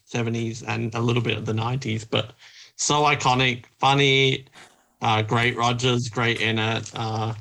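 Bright-voiced chatty Australian man. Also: medium pitch, gravelly. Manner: animated, chatty, many fillers. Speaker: podcast co-host. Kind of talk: casual chat.

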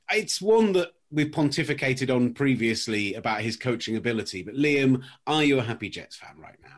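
A man hosting a casual sports podcast, breezy and teasing his co-hosts. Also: mid-range voice. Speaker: podcast host.

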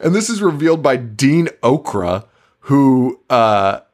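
A man's voice: mid-range voice, big pitch swings, slow pace, a little mellow. A man co-hosting a podcast, casually recapping a movie in a rambling, profane way, stumbling over words and laughing often. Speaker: podcast co-host.

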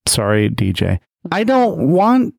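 A man's voice: fairly high pitch, huge pitch swings, slow pace, creaky, no echo, studio quality. A man in his forties, a husband on a podcast, teasing and interrupting during casual banter.

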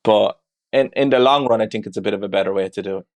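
A man's voice: lowish voice, quick pace. A man speaking as a father in an interview, reflective and open, talking candidly with frequent "you know" asides. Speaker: guest; father of two.

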